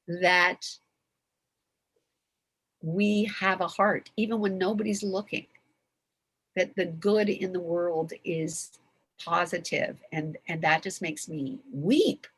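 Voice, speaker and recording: A woman's voice: mid-range voice, unhurried, slightly rough, no echo. A woman speaking as a convention guest, heartfelt and gushing, often laughing as she talks. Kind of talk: emotional Q&A talk.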